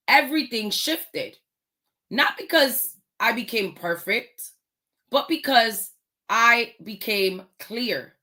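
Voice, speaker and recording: A woman hosting a motivational talk, speaking slowly and emphatically and pausing on pointed rhetorical questions. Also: fairly high pitch, lively intonation, pushed and bright. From United States. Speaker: host.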